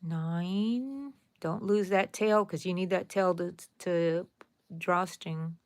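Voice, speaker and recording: A woman's voice: on the low side, slow, dry recording, studio quality. A woman hosting a casual crochet tutorial, chatting to viewers and counting her stitches aloud.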